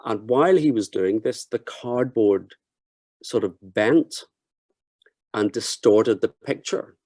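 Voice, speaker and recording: Man guest on an interview, mellow voice, dry sound, relaxed storyteller. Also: fairly low pitch, slow, no echo. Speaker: guest, podcast co-host.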